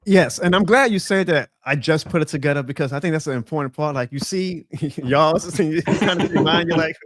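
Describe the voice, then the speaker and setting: A man's voice: a little fast, no room sound, studio quality. A young man with a thick New Orleans Southern accent, chatting as a podcast guest and telling stories animatedly. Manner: animated storyteller, lively pitch jumps. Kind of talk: casual chat on a video call.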